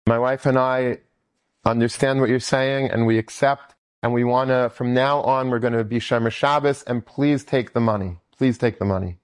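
A man's voice: mid-range voice, fairly even intonation, moderate pace, clear, resonant tone, natural voice. A man voicing a well-off immigrant businessman who earnestly pleads. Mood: pleading. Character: wealthy, generous but proud immigrant businessman.

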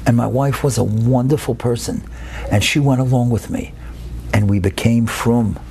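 A man telling a story expressively, building slowly and dropping to a whisper at times. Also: mid-range voice, creaky, a little mellow, a little hiss or hum. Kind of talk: told personal-style story.

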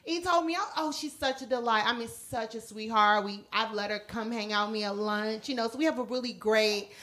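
A woman in her thirties co-hosting a casual chat, telling a story with lots of laughter and animated asides. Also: a little high, fairly quick. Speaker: podcast co-host.

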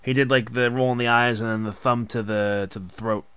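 A man hosting a casual podcast chat, excitable and rambling in long run-on bursts. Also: medium pitch, a little fast, smooth, no echo. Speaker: podcast host.

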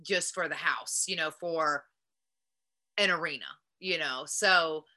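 A woman's voice with a bright, forward ring and a slightly low pitch. She is middle-aged and talks casually and animatedly, peppering her stories with "like". She slips into quoting her past self as she goes. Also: slow pace. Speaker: wrestler and guest. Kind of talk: casual interview storytelling.

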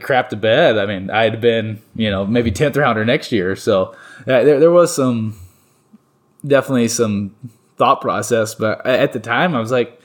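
A young man from North Carolina, a baseball player, telling stories in a relaxed interview, rambling with lots of fillers and restarts. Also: fairly low pitch. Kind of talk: casual interview storytelling.

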